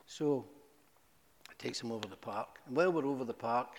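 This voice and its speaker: A middle-aged man giving a humorous, animated testimony to a church, with sudden high exclamations. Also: brisk, slight background noise. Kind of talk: storytelling testimony. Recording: echoey hall.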